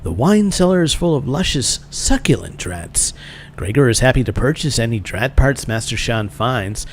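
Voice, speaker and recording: A man's voice: mid-range voice, lively intonation, moderate pace, slight background noise, natural voice. A man doing a fawning rat-creature shopkeeper. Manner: refers to himself in third person, broken grammar.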